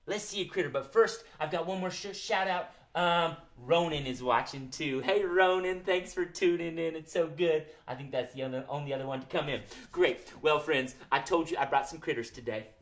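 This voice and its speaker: A woman hosting a children's show, speaking gently and encouraging the kids watching. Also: deep voice, normal speed, hardly any pauses. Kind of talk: casual children's show, singing and chatting.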